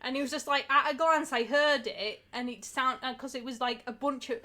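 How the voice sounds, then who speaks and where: Higher-voiced Yorkshire woman chatting. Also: fairly even intonation, a little fast, bright, forceful tone. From Yorkshire, England. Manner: chatty, swearing, laughs often. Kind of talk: casual chat.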